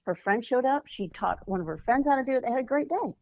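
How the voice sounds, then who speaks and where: A woman guest on a podcast, a children's author and life coach, telling stories in lively, casual chat and acting out the quotes. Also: a little high, fast talker, gravelly, muffled recording. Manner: animated storyteller, acts out quotes.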